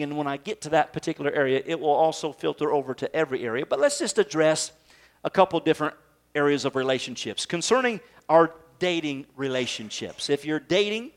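A man preaching a sermon in a conversational, joking way, often laughing and asking rhetorical questions. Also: fairly high pitch.

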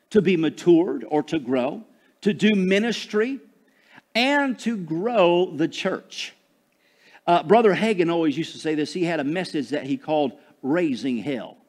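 A man from Michigan preaching a sermon to his congregation, calling for responses and rising loud on key phrases. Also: high-pitched. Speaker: pastor.

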